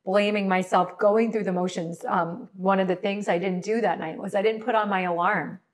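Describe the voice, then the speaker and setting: A woman's voice: mid-range voice, fairly even intonation, normal speed. A woman guest on a podcast, telling a personal story in an emotional, earnest way. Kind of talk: personal account in conversation.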